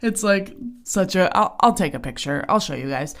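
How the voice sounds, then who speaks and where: A woman's voice: lowish voice, lively intonation, moderate pace. Young woman, podcast host, bubbly, chatty, giggly, casual solo chat, recorded in a small sauna. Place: small turned-off home sauna. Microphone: podcasting equipment while lying on her stomach.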